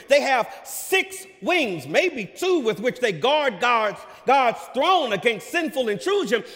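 Man preaching a sermon, high voice, emphatic, loud peaks, long reverb of a hall. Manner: emphatic, rising to loud declarations.

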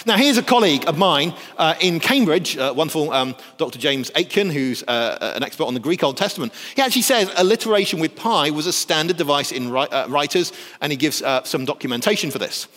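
A man from the north of England, giving a lively academic lecture with jokey asides. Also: a little high, fairly quick, hardly any pauses, in a large hall.

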